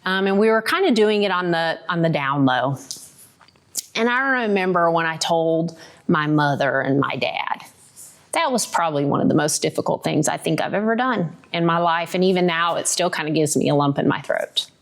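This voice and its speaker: A woman's voice: sits low, animated, normal speed. Candid woman sharing her faith story. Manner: candid, reflective, often adds "right?". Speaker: podcast host. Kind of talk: personal faith testimony.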